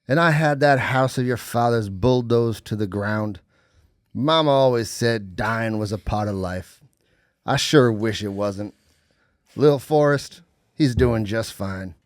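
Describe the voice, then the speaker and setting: A comedian reading the part of a gentle, slow Southern widower in a plain, even voice at a mock audition. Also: male voice, lowish voice, no room sound, clean studio sound, lightly acted.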